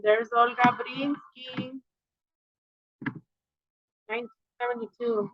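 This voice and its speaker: A woman's voice: medium pitch, a little slow, dry recording. Rambling woman in her fifties, dull dry mic. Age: 50s. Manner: rambling, conspiratorial, with filler words. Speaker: channel host. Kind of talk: casual monologue. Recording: slightly dull, dry home recording.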